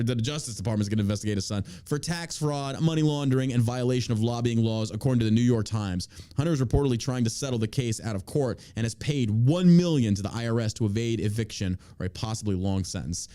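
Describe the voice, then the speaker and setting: A man's voice: mid-range voice, mellow. Profane, heated male podcast host. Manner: reads news aloud, then rants with heavy profanity; heated, preachy appeals to listeners. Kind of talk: political commentary podcast.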